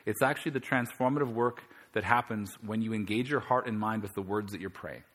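A male pastor preaching a sermon, telling the scripture story with animated energy and climbing louder as he reads it aloud. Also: lowish voice, fairly quick.

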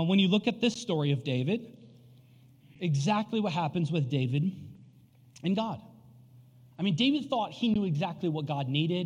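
High-voiced animated pastor in a hall. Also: male voice. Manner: animated storytelling with frequent fillers. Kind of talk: sermon. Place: church sanctuary. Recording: long reverb of a church hall.

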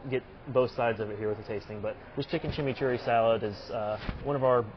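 A man's voice: mid-range voice, fairly even intonation, quick pace, muffled recording, noisy background. Easygoing man explaining his restaurant's dishes. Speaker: restaurant owner. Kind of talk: casual on-location interview. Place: restaurant dining room.

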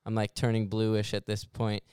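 A man's voice: fairly low pitch, completely flat delivery, normal speed, a little mellow, slight background noise. A young man, a podcast co-host, telling a rambling, self-deprecating story in casual chat and laughing often.

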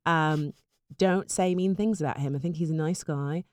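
A woman's voice: low-pitched, moderate pace, a little mellow, no echo, clean studio sound, natural voice. A woman putting on a pompous British accent to play a political man, in a jokey podcast bit. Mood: mock-earnest. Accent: mock British.

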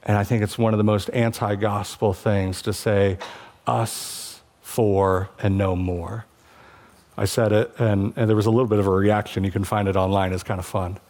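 A man's voice: on the low side, flat delivery, fairly quick, few pauses, a little mellow. A male pastor preaching a sermon to his church, conversational and passionate, rising to emphatic peaks.

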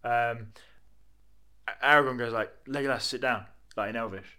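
A man's voice: medium pitch, normal speed, bright, forceful tone. A young man rambling through a casual, jokey film chat with lots of fillers.

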